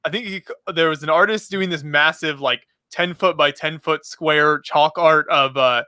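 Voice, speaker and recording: A man with a bright, forceful tone and a slightly high voice hosts a relaxed live chat while he builds. He rambles, fills gaps with "uh" and "like", and laughs easily. His voice is recorded dry and close over a home call mic. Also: moderate pace, smooth, dry recording. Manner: rambling, laughs often, many fillers. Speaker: podcast host.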